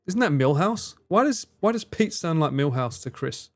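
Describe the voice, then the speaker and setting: A man's voice: on the high side, animated, moderate pace, few pauses. A man chatting casually on a live stream, rambling and swearing now and then as he reads out and answers viewers' messages. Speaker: livestreamer reading and answering chat.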